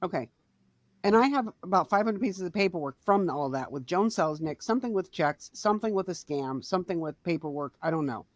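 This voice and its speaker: A middle-aged woman co-hosting a podcast, telling a family story in casual chat, swinging between quiet and loud. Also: fairly low pitch, expressive, brisk, dry recording. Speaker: podcast co-host.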